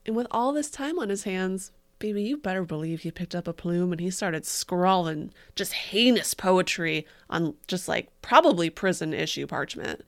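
A woman's voice: fairly low pitch, lively intonation, normal speed. A woman co-hosting a podcast in casual, joking chat, sarcastic and a little theatrical. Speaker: podcast co-host.

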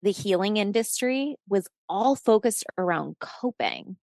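This podcast guest speaks at medium pitch, a little slowly, with a creaky edge, animatedly acting out quoted lines as she relates something that happened to her. She swears and laughs through the casual chat, captured dry in a clean studio.

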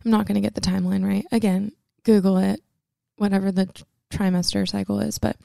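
Candid young woman with a gravelly creak. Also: medium pitch, level tone, fairly quick, warm tone, no room sound, clean studio sound. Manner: candid, emotional, chatty with many fillers. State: close to tears at times. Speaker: vlogger. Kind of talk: personal storytelling to camera.

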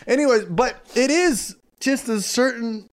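A man co-hosting a podcast, riffing crudely and absurdly with quick mock quotes. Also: very high-pitched. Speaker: podcast co-host. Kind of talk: casual comedic chat. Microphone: studio mic.

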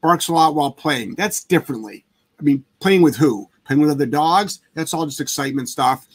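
Blunt, profane man, husky voice. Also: fairly high pitch, brisk. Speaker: dog trainer host. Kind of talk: casual livestream chat answering viewer questions.

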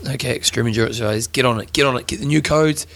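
A man with a New Zealand accent trades jokes as co-host of a casual podcast. His voice sits at an ordinary middle pitch, and his delivery stays loose and playful. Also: fast talker, a bit bright. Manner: jokey and bantering. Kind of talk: casual chat.

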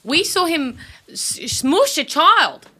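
A woman performing improv comedy, pressing with quick, insistent questions. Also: very high voice, sing-song, bright, forceful tone.

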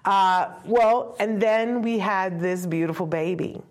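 A woman's voice: medium pitch, slow pace. A woman in her fifties, an author and parent, giving a live talk to an audience. She tells a personal story in a conversational way, with asides and voices for other people, and sounds close to tears.

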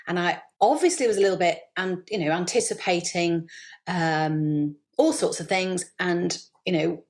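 A woman chatting as a podcast guest, telling stories in a lively, animated way. Her voice sits slightly low for a woman. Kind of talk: casual interview chat.

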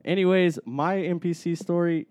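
A man telling a casual story in a laid-back, profane, animated way. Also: high voice, normal speed, dry recording, clean studio sound. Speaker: podcast co-host.

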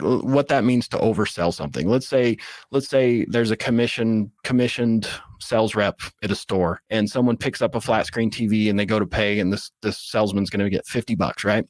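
A man's voice: fairly low pitch, dry recording. A man in a casual interview explaining how he makes sales calls, acting out phone scripts in a coaching tone. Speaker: real estate investor guest.

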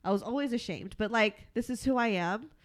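A woman's voice: fairly high pitch, a little fast. Young woman co-host, casual chat, rambling, swears freely. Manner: rambling, heavy filler words, swears, laughs often. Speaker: podcast co-host.

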